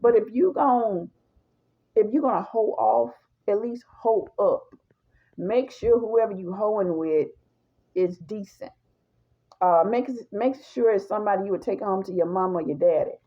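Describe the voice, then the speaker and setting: A woman telling a personal story in a blunt, animated, casual way, talking straight to her viewers. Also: medium pitch, unhurried, muffled recording.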